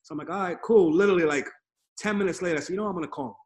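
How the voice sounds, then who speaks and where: Male podcast host, slightly high voice, animated storyteller, casual chat over a video call. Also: rapid-fire.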